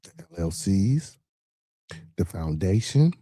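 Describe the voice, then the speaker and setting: A man's voice: fairly low pitch, normal speed, warm tone, no echo, clean studio sound. A man with a Chicago accent hosting a podcast, giving blunt, profane money advice in casual chat and often restarting his words. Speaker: podcast host.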